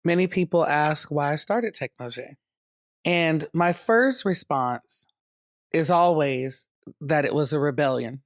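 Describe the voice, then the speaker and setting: A man from North Carolina tells his story in a reflective, measured way for a documentary interview. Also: a little high, dry recording, studio quality. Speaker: dance company founder. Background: soft guitar music.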